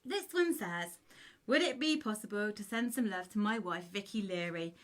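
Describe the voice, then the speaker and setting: Bright-voiced giggly woman hosting a stream. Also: mid-range voice, animated, moderate pace. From Cornwall. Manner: giggly, often breaks into laughter; reads out viewer messages warmly. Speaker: musician hosting a live stream. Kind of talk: casual live-stream chat.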